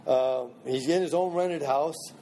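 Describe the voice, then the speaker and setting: Mellow-voiced man leading a Bible study. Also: fairly high pitch, unhurried, slight background noise. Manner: conversational, repeats and restarts phrases, asks the group questions. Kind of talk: informal Bible teaching.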